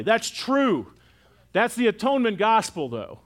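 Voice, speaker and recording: A man's voice: high-pitched, animated, moderate pace, a bit bright. A middle-aged man preaching a sermon in a church auditorium, in a conversational way that keeps asking the congregation questions. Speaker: pastor.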